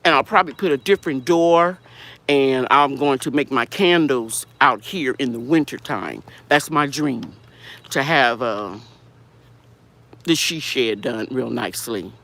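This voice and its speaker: Speaking a little slowly in a very deep yet slightly bright voice, a middle-aged home gardener hosts her channel's casual outdoor garden tour. She's chatty and rambling, correcting herself along the way, and the clip is shot on a handheld phone.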